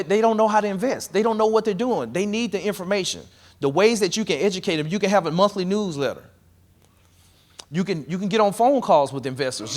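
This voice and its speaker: A man with a high-pitched voice leads a live workshop on real estate investing. He addresses the room energetically and conversationally, coaching the audience directly.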